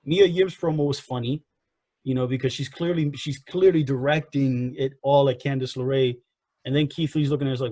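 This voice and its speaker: Co-hosting an easygoing wrestling review podcast, a man gives his opinions in a steady, warm, medium-pitched voice at a normal speed. He tends to ramble and repeat himself, often dropping "you know" and "again," and the sound has no echo.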